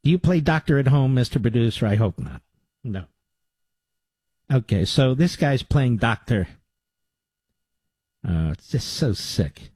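Husky combative talk radio host. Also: male voice, medium pitch, very animated, unhurried, long pauses, darkish tone, no room sound. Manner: combative, sarcastic, mocking asides to producer. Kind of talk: political talk radio commentary. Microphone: studio microphone.

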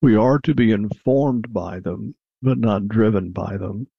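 An older man, a counselor, answering in a calm, measured radio interview. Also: fairly low pitch, gravelly, breathy edge, dry recording, dull audio. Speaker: counselor guest.

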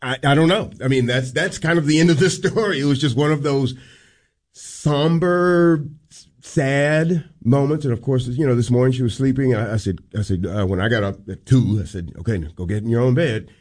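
Radio co-host, male, mid-pitched, heartfelt and halting storyteller on a studio mic. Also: a little mellow. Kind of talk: casual on-air storytelling.

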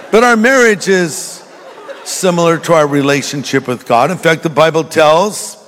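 An older pastor preaches a sermon in a folksy way, telling stories and cracking jokes. His voice is a little high with a fairly bright tone, and the recording echoes as if in a reverberant hall.

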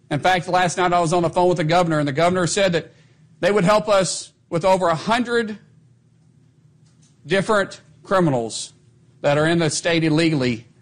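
A fairly high-voiced man gives a press statement as a government spokesperson. He makes his points insistently and asks rhetorical questions.

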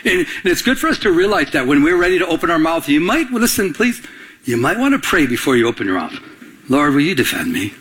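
A middle-aged man preaching from the pulpit with a somewhat husky, slightly high voice. He tells stories in the middle of the sermon and jumps up in pitch to act out what people said. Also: big pitch swings, quick pace, a bit bright. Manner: storytelling, acting out quoted voices with rising pitch. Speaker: pastor.

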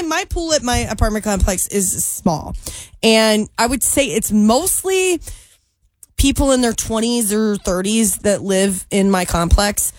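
Young woman on morning radio, kinda high voice, chatty storytelling, dry booth sound. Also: no room sound. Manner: chatty storytelling with giggles and fillers. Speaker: radio co-host. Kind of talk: casual morning radio chat. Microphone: studio microphone.

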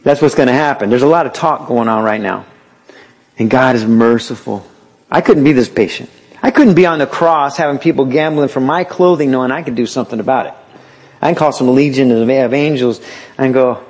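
Husky-voiced man preaching conversationally. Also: mid-range voice, normal speed, a little mellow. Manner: conversational preaching with acted-out quotes. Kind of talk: sermon.

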